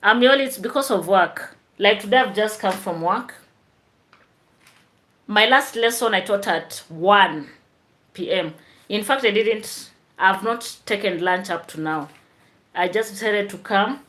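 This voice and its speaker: A woman's voice: mid-range voice, a little slow, fairly bright tone. A woman teacher hosting a chatty live stream, tired after work, answering viewer comments.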